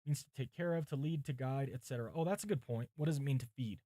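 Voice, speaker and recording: Pastor, man, mid-pitched, reads study notes aloud and muses between them on a dry, close-sounding track. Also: fast talker, dark tone, no room sound. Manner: thinking aloud, chatting with viewers between readings. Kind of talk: livestream sermon prep, reading commentaries aloud. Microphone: mic set far from him.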